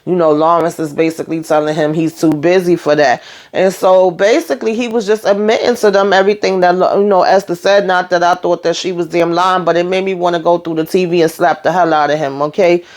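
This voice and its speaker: A woman giving a casual, blunt and expressive recap of a TV episode, often speaking directly to her viewers. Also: on the low side. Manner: sassy, blunt and expressive, with frequent asides to viewers. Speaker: TV recap vlogger.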